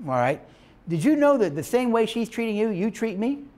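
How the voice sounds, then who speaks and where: A man's voice: high voice, very animated, moderate pace, a little mellow, voice pushed up. A man voicing God as a patient father.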